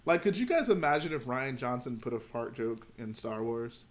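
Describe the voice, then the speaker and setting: Speaking at a moderate pace in a mid-range voice, this male livestream host talks casually from home as he builds something, thinking out loud along the way.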